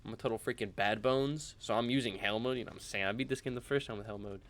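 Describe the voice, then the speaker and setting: A young man chatting casually in a rambling, animated way while playing a video game for his channel. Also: medium pitch, fast talker, a little hiss or hum. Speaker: gaming channel host. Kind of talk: casual let's-play commentary.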